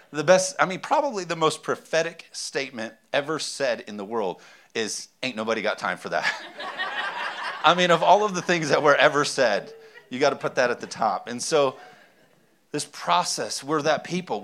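A middle-aged man preaching a sermon, lively and conversational, with joking asides to the congregation. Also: mid-range voice. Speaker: pastor.

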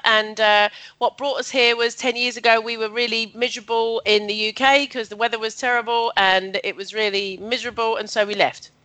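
A woman's voice: a little high, bright, forceful tone. A woman, a chatty podcast guest who laughs often and uses many fillers, talking over a video call. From West Sussex, England. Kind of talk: casual chat. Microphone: computer mic on a video call.

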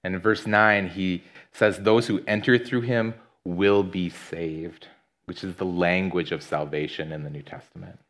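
Male pastor, low voice, casual conversational preaching style. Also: fairly bright tone. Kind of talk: sermon.

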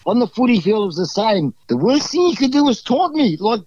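A man's voice: high voice, sing-song, a little fast, a little mellow, no room sound, muffled recording. An Australian man talking as a podcast guest, telling rambling, exuberant stories full of restarts. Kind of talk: casual storytelling.

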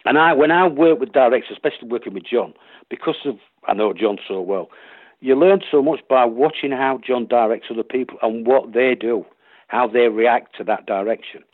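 A man's voice: mid-range voice, normal speed, no echo. A man with a Yorkshire accent, an actor chatting as a guest in an interview, rambling with restarts. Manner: rambling, full of restarts and acted-out quotes. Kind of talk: casual interview chat. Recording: tinny dry phone line.

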